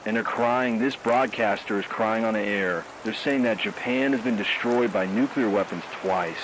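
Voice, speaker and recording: A man's voice: fairly low pitch, a little hiss or hum, rough recording. A man playing a frightened radio DJ who talks in a grim, shaken and despairing way during a radio drama. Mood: somber. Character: male radio host, scared and grief-stricken.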